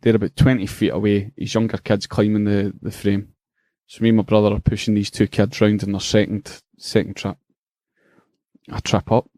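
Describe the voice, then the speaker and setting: A middle-aged Scottish man co-hosting a podcast, telling a funny story in an animated, profane way and laughing as he goes. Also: lowish voice, normal speed, dry recording, clean studio sound. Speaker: podcast co-host. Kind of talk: casual storytelling chat.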